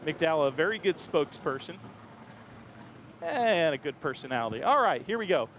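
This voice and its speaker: A man's voice: a little high, big pitch swings, moderate pace, a bit bright. A man hosting a walking tour of a race garage, chatting upbeat and joking with crew members outdoors. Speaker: host. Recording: faint outdoor background noise.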